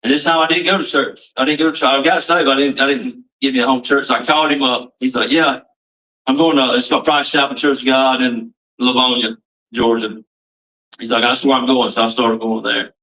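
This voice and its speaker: Bright-voiced man giving testimony. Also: medium pitch, steady tone, brisk, recorded from a distance, low-quality recording. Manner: emphatic, repetitive, plain-spoken. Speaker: testimony speaker at a recovery meeting. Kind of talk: personal testimony.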